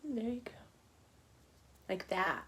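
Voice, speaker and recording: Teaching an online cupcake decorating class, a middle-aged woman chats casually and murmurs softly to herself as she works. Her voice is a little high and expressive, and she takes her time.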